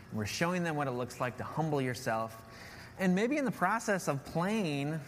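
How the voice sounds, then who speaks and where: Earnest preacher in a reverberant hall. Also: male voice, medium pitch, fairly bright tone. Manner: earnest, repeats key phrases with "right?". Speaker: pastor. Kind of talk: sermon. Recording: long hall reverb, faint noise.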